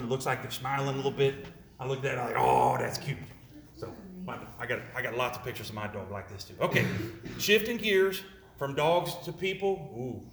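A man's voice: medium pitch, fairly bright tone. A man giving a talk with slides, asking his listeners questions, repeating his words and adding jokey asides. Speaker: speaker presenting to an audience. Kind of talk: interactive presentation with slides. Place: room with a live audience. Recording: roomy with faint noise.

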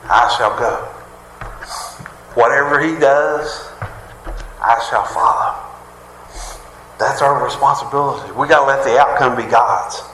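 Folksy preacher in an echoing hall. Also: male voice, medium pitch, pushed and bright, a little hiss or hum. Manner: folksy, conversational preaching with jokes and rhetorical questions. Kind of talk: sermon. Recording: roomy hall reverb.

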